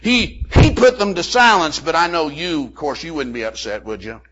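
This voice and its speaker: Folksy older preacher man, bright voice. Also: on the high side, moderate pace. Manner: folksy storytelling with frequent "amen" and "you know". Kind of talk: sermon with personal story. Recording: muffled lo-fi recording.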